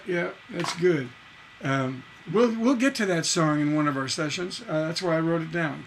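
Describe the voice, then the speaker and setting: A man's voice: a little high, a bit bright, a little hiss or hum. A man teaching a live-streamed songwriting lesson, casually explaining lyric stresses, singing and humming lines and tapping out da-da rhythms to show them. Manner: explains casually, checks in with "right?" and answers chat. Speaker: songwriting instructor.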